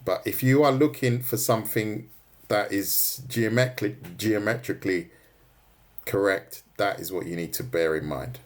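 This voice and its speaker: A man's voice: on the low side, a little slow. A man giving a casual, joking drawing lesson on a livestream, teasing his viewers. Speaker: art teacher.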